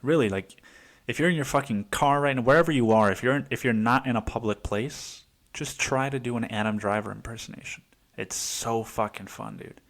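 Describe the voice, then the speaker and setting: A man in his twenties hosting a casual solo podcast, rambling with heavy swearing and many restarts. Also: on the low side. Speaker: podcast host.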